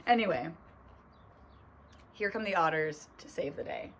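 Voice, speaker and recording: A bubbly young woman teacher reads a picture book aloud, chatting to the kids between pages and tossing in "right?" after her points. Her voice leaps up and down in pitch and sounds like a phone recording. There is a faint hiss of room noise behind her. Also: expressive, a little slow. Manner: bubbly and chatty, lots of "right?" asides and giggles.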